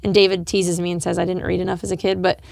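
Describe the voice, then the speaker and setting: A woman's voice: fairly low pitch, level tone, quick pace, vocal fry, a little mellow. A woman co-hosting a casual Bible study chat, earnest and encouraging, laughing often. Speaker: podcast co-host discussing scripture.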